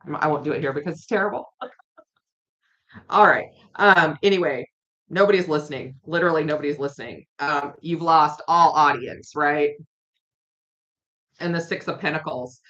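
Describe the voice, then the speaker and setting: A woman reads tarot cards on a live stream, talking in a loose, chatty way and circling back to repeat her points. Her voice is bright and forceful. The stream audio sounds dull and lo-fi. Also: low voice, moderate pace, long pauses. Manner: chatty, repeats phrases, reads viewer comments aloud. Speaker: tarot reader.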